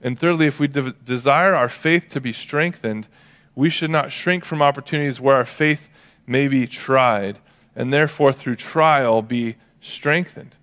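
A man's voice: mid-range voice, unhurried. Conversational male pastor preaching. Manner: conversational, animated storytelling with acted-out quotes. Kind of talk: sermon.

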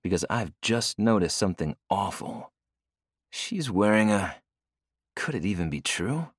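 Deep, expressive male audiobook narrator. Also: measured pace, husky, no room sound, studio quality. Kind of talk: first-person novel narration.

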